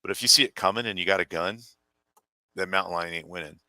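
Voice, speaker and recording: A man chatting casually on a podcast panel, explaining things in a relaxed, rambling way. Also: deep voice, quick pace, no room sound. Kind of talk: casual chat.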